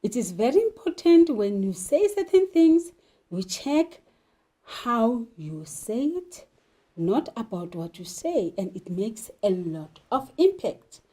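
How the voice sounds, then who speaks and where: Slow-speaking woman teacher, mellow voice. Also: on the high side, sing-song. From South Africa. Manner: slow, deliberate, poses questions then answers them. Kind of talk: literature lesson.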